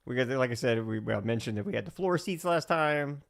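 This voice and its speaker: A man co-hosting a podcast in easygoing casual chat, quick to agree and sympathize. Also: mid-range voice, animated, vocal fry. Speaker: podcast co-host.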